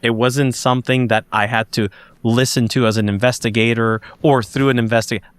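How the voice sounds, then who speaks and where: A man's voice: medium pitch, fairly even intonation, fairly quick. Emphatic man recounting a sighting. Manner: emphatic storyteller, many restarts and searching for words. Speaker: guest; investigator. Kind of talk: recounting a personal sighting in a podcast interview.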